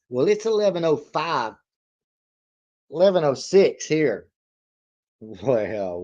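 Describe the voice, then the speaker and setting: A man in his thirties with a drawl hosts a casual livestream, rambling from one story to the next in a folksy, easygoing way. He laughs often and reads viewer comments aloud as he goes. His voice sits at a middling pitch, and the stream audio is a little dull and lo-fi. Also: creaky, darkish tone. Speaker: livestream reaction host.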